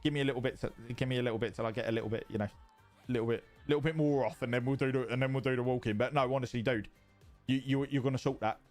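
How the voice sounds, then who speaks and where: A man's voice: mid-range voice, fairly even intonation, very fast, darkish tone, faint music behind. A man streaming from home, chatting casually with viewers in a rambling, sweary way that repeats itself. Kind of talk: casual livestream chat reading viewer messages.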